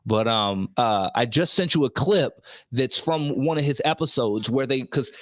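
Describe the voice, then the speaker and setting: A man's voice: medium pitch, expressive, normal speed, no echo, studio quality. A young man, a comedian guest on a podcast, chatting loosely and repeating words as he goes. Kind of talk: casual podcast chat.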